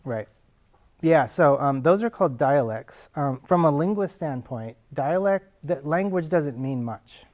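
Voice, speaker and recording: A man's voice: a little high, expressive, measured pace, darkish tone. Man explaining casually in class. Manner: conversational, explains with everyday examples. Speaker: linguist answering actors' questions.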